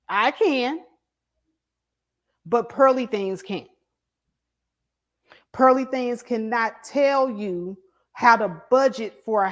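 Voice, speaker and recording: A woman's voice: on the high side, a bit bright. A middle-aged woman hosting a casual commentary chat over an online call, talking in a blunt, emphatic way. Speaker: host.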